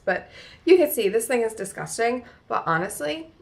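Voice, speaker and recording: A woman's voice: on the high side, sing-song, moderate pace, vocal fry. A young woman from New Jersey with a New Jersey accent, chatting casually through a makeup tutorial with lots of "like" fillers. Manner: chatty, rambling, many "like" fillers. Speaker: beauty vlogger. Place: at home in front of a mirror.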